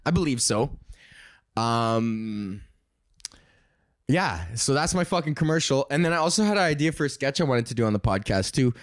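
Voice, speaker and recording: A young man hosting a casual solo podcast, rambling and swearing as he pitches ideas and laughs at his own jokes. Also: expressive, normal speed, no echo, studio quality. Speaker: podcast host.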